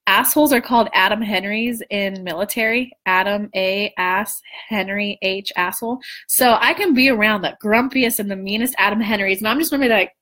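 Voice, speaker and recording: A woman in her thirties telling a personal story to her viewers in a casual, animated way, swearing freely and acting out what people said. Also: medium pitch, a little fast, few pauses. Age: 30s. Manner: animated, swearing, acts out quoted dialogue. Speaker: spiritual coach and vlogger.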